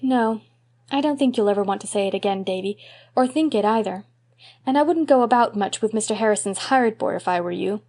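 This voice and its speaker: A patient young woman from a classic storybook, speaking softly and reassuringly in a mid-range voice, as a woman narrator reads her. Her tone stays calm and kind. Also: mid-range voice, brisk, close to an everyday voice. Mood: gentle. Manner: gentle, soft-spoken, reassuring.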